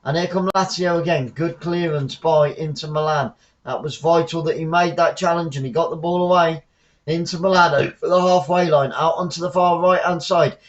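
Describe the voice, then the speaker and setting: Southern English man, fan commentator, higher-pitched, excitable, muffled lo-fi mic. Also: normal speed. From England. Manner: excitable, shouts on goals, chatty asides. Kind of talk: live football commentary.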